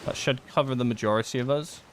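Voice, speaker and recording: A man giving live gameplay commentary, thinking aloud and excitedly pleading with his teammates. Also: mid-range voice, fast talker, a little hiss or hum. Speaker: gaming content creator.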